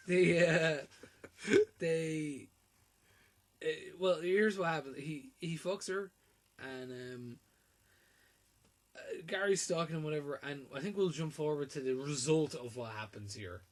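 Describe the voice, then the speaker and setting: A man's voice: fairly high pitch, slow pace, pauses often. A man co-hosting a casual film podcast, crude and laughing as he retells scenes. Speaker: podcast co-host.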